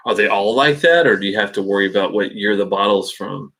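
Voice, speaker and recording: A man hosting a casual live stream from home, thinking aloud in a halting way with many fillers and restarts, speaking into a webcam. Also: lowish voice, a bit bright. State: hiccups.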